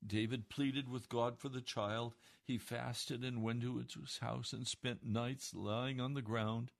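Male preacher, gravelly, mid-pitched, impassioned sermon delivery. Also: fairly even intonation, slow. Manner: impassioned, swings from hushed to pleading.

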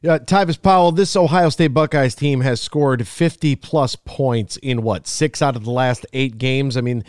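A man's voice: mid-range voice, normal speed, darkish tone, dry recording, studio quality. A man hosting a sports talk radio show, asking long, emphatic questions.

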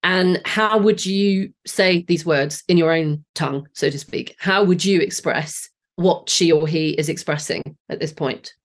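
A deep-voiced woman from Southeast England speaks a little slowly with few pauses, her voice slightly off today. She's in her late forties, has a Southeast English accent, and is a singing teacher guest on a podcast interview, eagerly laying out her ideas and often restarting.

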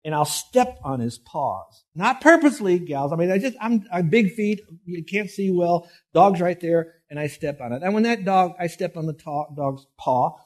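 A man's voice: high-pitched, animated, moderate pace, hardly any pauses. A man preaching a sermon, telling folksy, self-deprecating stories full of restarts before turning to scripture. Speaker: pastor.

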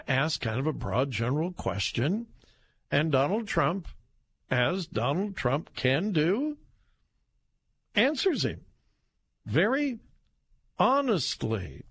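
A man's voice: on the high side, sing-song, slow, pauses often, a bit bright, breathy edge, dry recording. A man hosting a talk show, giving emphatic, conversational political commentary as he reacts to headlines.

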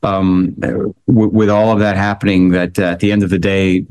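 A man's voice: low-pitched, little pitch movement, darkish tone, clean tone. A man, an actor being interviewed, answering thoughtfully with frequent fillers and restarts. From American. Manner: halting, many restarts and fillers. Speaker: actor guest.

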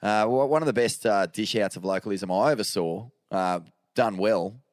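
A man's voice: on the low side, normal speed, no echo, studio quality. A man with an Australian accent co-hosting a podcast, chatting casually, swearing freely and telling stories with lots of restarts. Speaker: podcast co-host. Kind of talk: casual chat.

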